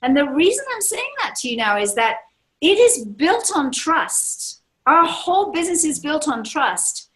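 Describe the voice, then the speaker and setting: A woman in her sixties with a bright, ringing voice, pitched a little high for her age. She speaks to a seminar crowd with eager, emphatic energy and hammers her points home by repeating them. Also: sing-song, measured pace, rough recording. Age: 60s. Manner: enthusiastic, emphatic, repeats key phrases. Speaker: network marketing leader. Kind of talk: motivational seminar talk. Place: seminar room with a live audience.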